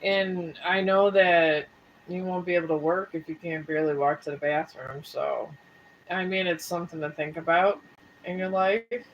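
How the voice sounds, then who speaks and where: Speaking to viewers directly on her live stream, a tarot reader rambles in a folksy, casual way, sounding a little tired with a sore throat. Her lowish voice is steady and moderately paced, but the recording is muffled with a touch of hiss or hum.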